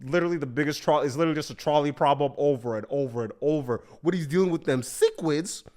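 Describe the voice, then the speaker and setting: A high-voiced man recapping a show in casual commentary. He talks in an animated, slangy way and repeats phrases as he goes. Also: quick pace.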